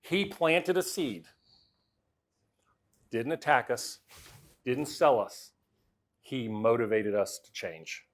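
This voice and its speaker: A middle-aged man giving a lively storytelling talk, swinging from loud to quiet as he acts out the voices he quotes. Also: mid-range voice, takes it slowly, pauses often. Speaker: speaker.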